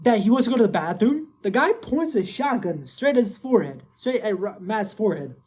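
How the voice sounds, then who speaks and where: A man's voice: high-pitched, fairly quick, breathy edge. A man casually recapping a TV episode, rambling with lots of filler words and swearing. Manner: gets excited and loud when hyping. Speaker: show recap host.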